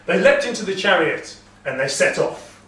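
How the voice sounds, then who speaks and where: A man telling a myth live in a castle great hall, dramatic, swelling loud and dropping to a hush. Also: sits high, expressive, moderate pace. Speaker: storyteller. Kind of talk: live oral storytelling. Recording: echoey hall from far off.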